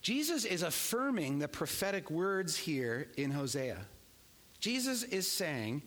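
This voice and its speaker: Earnest man preaching, slightly high voice. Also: sing-song, a little slow, big-room sound. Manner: earnest, emphatic preaching, swings between hushed and raised. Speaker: pastor. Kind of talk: sermon.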